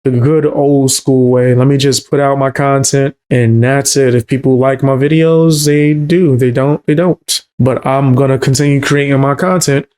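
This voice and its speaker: A man's voice: medium pitch, fairly even intonation, normal speed, hardly any pauses, darkish tone, clear, resonant tone. Blunt, slangy male commentary host. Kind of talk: casual reaction commentary.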